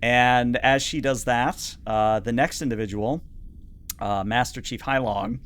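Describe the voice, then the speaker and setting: A man's voice: medium pitch, fairly even intonation, measured pace, fairly bright tone, clean tone. Brief: chatty game master, man, explaining rules with plenty of ums. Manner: chatty, lots of fillers. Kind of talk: narrating a tabletop game.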